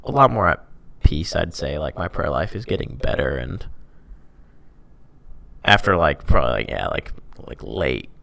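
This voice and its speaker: Low gravelly young man, rambling chat. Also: big pitch swings, normal speed, a bit bright, dry recording. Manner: rambling, heavy use of "like", self-mocking. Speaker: podcast host telling his faith story. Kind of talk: casual chat.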